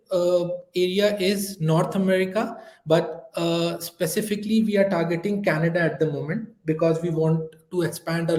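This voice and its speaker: A man's voice: a little high, a little mellow, echoey room, poor audio. A man who is a sales rep, speaking hesitantly with many fillers during a webinar role-play call.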